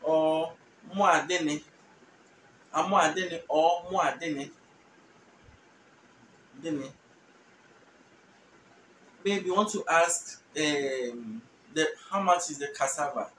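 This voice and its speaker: Slow, patient Ghanaian man teaching phrases. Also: a little high, a bit bright. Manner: slow, repeats each phrase patiently and translates. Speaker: language teacher. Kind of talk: relaxed spoken language lesson. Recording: roomy, distant mic with faint noise.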